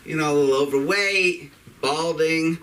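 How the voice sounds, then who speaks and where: A man's voice: a little high, moderate pace, fairly bright tone, far from the mic, slight background noise, rough recording. A man doing a rambling, irreverent stand-up set at an open mic, cursing freely. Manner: rambling, irreverent, profane delivery. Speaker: stand-up comedian. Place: comedy club stage.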